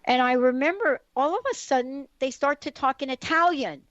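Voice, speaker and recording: A woman, hosting a radio talk show and telling a story in a chatty, animated way full of asides. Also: high voice, moderate pace, dry recording. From the Bronx, New York. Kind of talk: casual radio chat, storytelling. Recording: dull lo-fi radio recording.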